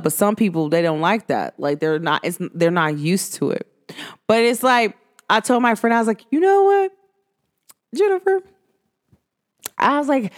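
A young woman with talks through her own podcast in a loose, conversational way. She is animated and chatty, breaks into laughter and slips into other people's voices when she quotes them. Her pitch sits in a middle range for a woman. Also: clear, resonant tone. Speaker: podcast host. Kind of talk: casual solo podcast talk.

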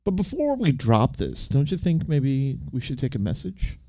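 A man's voice: medium pitch, huge pitch swings, moderate pace, warm tone, no room sound, lo-fi sound. A man co-hosting a podcast in casual chat, jokey and playful, slipping into silly accents. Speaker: podcast co-host.

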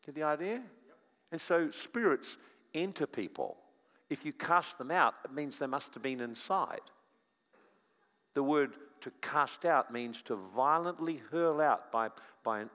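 A middle-aged man preaching a sermon, telling stories and swinging from quiet to loud. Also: medium pitch, lively intonation, measured pace. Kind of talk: sermon with storytelling. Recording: long echo of a large hall.

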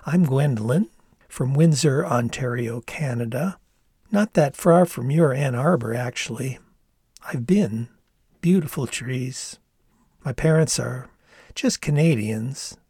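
A man voicing a quiet, shy young woman in a storybook reading, soft-spoken and unprojected. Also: mid-range voice, takes it slowly, breathy edge, no echo, clean studio sound. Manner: quiet, not projected.

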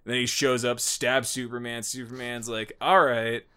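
A man casually recapping a movie with a co-host, animated and profane, often laughing and jumping up in pitch when excited. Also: moderate pace, clean tone. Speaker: podcast co-host.

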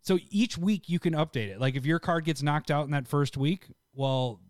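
A man hosting a podcast, casually explaining voting and a giveaway in a relaxed, rambling way. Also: a little high, normal speed, no room sound, studio quality. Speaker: podcast host.

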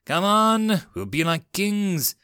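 A grinning, scheming sergeant, sure of his plan, as a man puts him on in an audiobook. The voice rides high and animated, close and dry. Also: unhurried, dry recording. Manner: sly, confident. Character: scheming, confident male army sergeant.

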